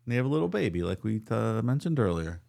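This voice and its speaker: Gravelly, laid-back male podcast host. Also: lowish voice, sing-song, fast talker, darkish tone. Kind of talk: casual podcast chat.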